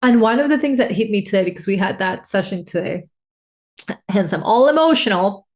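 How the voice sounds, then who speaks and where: A woman's voice: medium pitch, expressive, fairly quick. A woman life coach talking about personal needs and connection in a solo podcast, heartfelt and emotional, often restarting phrases. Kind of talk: reflective solo podcast talk.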